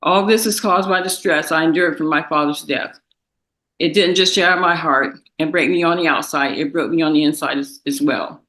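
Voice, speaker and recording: A young woman, a victim's daughter, reading a victim impact statement in a courtroom, halting and tearful. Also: deep voice, a bit bright, reverberant, rough recording. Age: young adult.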